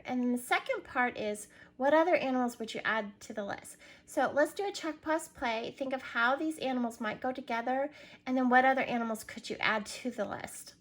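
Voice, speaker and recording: A woman teacher with a high-pitched, somewhat bright voice leads a recorded reading lesson for small children. Patiently, she prompts them and spells words out letter by letter.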